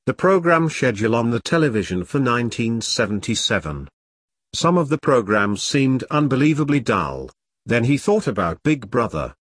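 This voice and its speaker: A man narrating an audiobook in an expressive, measured way. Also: mid-range voice, dry recording.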